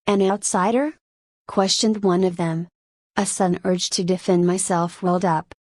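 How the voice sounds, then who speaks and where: Low-voiced woman reading a novel. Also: a little mellow, no echo. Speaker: audiobook narrator. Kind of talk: first-person light novel audiobook narration.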